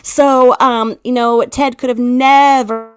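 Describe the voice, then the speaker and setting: A woman's voice: a little high, flat delivery, slow pace, clear, resonant tone, soft background music. Chatty woman from the Pacific Northwest. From Pacific Northwest, United States. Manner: chatty storyteller, explains with vivid examples. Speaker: guest explaining narcissism. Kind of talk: casual chat.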